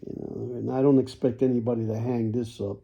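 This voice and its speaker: A man selling toy cars in a casual video, with folksy sales patter, repeated words and frequent throat clearing. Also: mid-range voice, level tone, fairly quick, mellow. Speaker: toy car seller.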